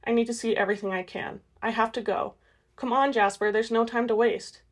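A woman's voice: a little high, steady tone, close to an everyday voice. A woman voicing an urgent, trance-prone female vampire seer in an audiobook. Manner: quick, tense, distracted.

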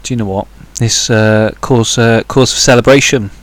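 A man's voice: on the low side, monotone, a little slow, a little mellow, lightly acted. A man briefly playing a boastful newspaper founder, gloating playfully to his wife.

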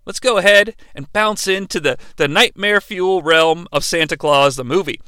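A man in his forties hosting a comedic bad-movie review show, sarcastic, profane and excitable. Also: sits high, moderate pace, smooth, no echo.

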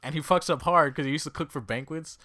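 A man's voice: fairly high pitch, fast, pushed and bright. A man telling candid, profane stories about his hotel kitchen job in casual chat. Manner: candid, profane, wry storytelling.

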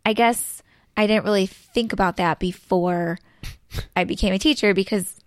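A woman's voice: medium pitch, fairly even intonation, moderate pace, no echo, studio quality. A woman in her thirties, a teacher guest on a podcast, speaking hesitantly with many ums and you-knows. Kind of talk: casual podcast chat.

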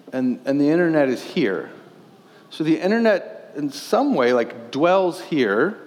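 A fairly high-voiced man preaches a sermon as a pastor, earnest and questioning as he reads scripture aloud. His voice rings with the long reverb of a large church hall.

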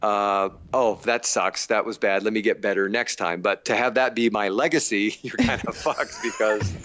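A middle-aged actor talking casually in an interview, self-deprecating and animated when he quotes others. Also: on the low side, normal speed, a little hiss or hum.

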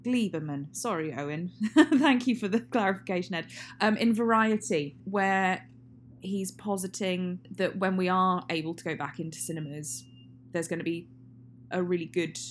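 A woman's voice: fairly low pitch, moderate pace. A woman co-hosting a casual film chat, rambling and laughing often. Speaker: podcast co-host. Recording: faint hum and noise.

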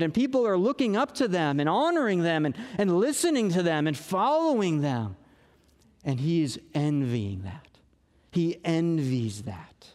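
A man's voice: high voice, darkish tone, in a large hall. A man preaching a sermon as pastor, earnest and conversational, with emphatic rises.

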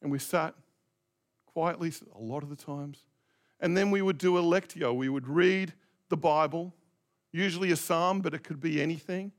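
A man's voice: fairly high pitch, moderate pace. A middle-aged male pastor preaching a reflective, conversational sermon, asking his congregation direct questions.

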